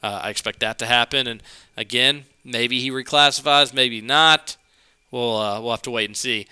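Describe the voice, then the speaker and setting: A man's voice: medium pitch, moderate pace, pushed and bright, smooth. A man co-hosting a casual sports podcast, a bit stuffed up from a cold, rambling and correcting himself as he talks. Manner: rambling, conversational, self-correcting. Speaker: podcast co-host.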